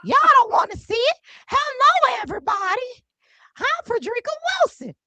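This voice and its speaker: A boastful older woman politician crowns herself queen, as a woman puts her on in a comic impression. Her voice sits far higher than everyday talk and keeps a bright, forceful edge. She drawls her lines proudly and sometimes booms them out. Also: very animated, dry recording, heavily acted. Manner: loud, bossy, proud, drawn-out.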